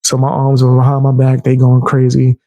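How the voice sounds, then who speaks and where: A young man telling a heated personal story in casual, animated speech, raising his voice to act out the people he quotes. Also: medium pitch, brisk, no room sound, muffled recording. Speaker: storyteller vlogger.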